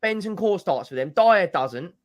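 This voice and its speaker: Chatty man, joking fan banter. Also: high voice. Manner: animated storyteller, jokey, quick restarts. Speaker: co-host of a football fan livestream. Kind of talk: casual chat.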